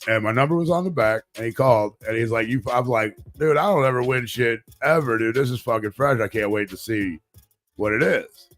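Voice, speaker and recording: A man co-hosting a live talk show, telling a rambling, profane, animated story about winning a raffle. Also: medium pitch, brisk. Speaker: podcast co-host. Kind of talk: casual storytelling chat.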